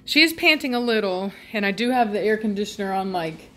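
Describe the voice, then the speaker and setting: A woman's voice: mid-range voice, lively intonation, fairly quick, a bit bright. A woman talking casually to her viewers at home while sitting with her dogs, rambling with many fillers and turning firm when she scolds the dogs. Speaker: dog breeder vlogger. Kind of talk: casual home video update.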